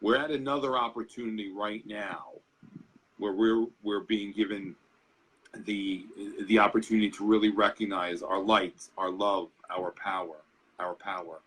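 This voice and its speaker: A man with a lowish, husky voice talks as a guest astrologer. He speaks earnestly and reflectively, often repeating a word as he builds his point. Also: steady tone, moderate pace, fairly bright tone, rough recording. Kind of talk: interview talk.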